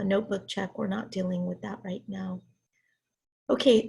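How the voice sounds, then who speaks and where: A middle-aged woman, hoarse and raspy from illness, giving a college writing lecture over a video call. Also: a little high, dark tone. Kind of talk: online class lecture. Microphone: computer mic on a video call.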